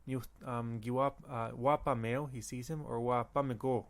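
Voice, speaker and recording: A man teaching a language lesson, slowly repeating words and pausing to think. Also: medium pitch, fairly even intonation. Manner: slow, careful, repeats words with pauses. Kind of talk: recorded audio lesson.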